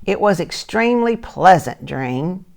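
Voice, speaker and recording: An older woman, a retired teacher, reading a picture book aloud to children and asking them gentle questions. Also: fairly low pitch, lively intonation, a little slow, gravelly. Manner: gentle, asks listeners soft questions.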